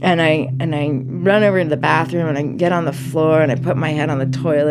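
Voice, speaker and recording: A woman's voice: low-pitched, moderate pace, over loud music. A middle-aged woman telling a personal story, emotional and vivid, quoting herself as she goes. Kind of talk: personal story told to an audience.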